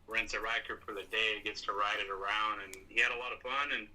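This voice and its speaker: Easygoing guy guesting on a podcast, bright tone. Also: fairly low pitch, steady tone, fast talker, poor audio. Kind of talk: casual video-call chat.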